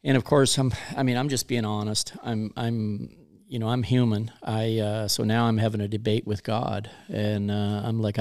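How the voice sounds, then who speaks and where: A man with a low, gravelly voice talks plainly on a faith podcast. He is frank and unpolished, starting sentences over as he works out what he wants to say. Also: flat delivery, normal speed, hardly any pauses, darkish tone. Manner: frank and plain-spoken, thinks aloud with restarts. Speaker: business owner. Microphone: podcast microphone.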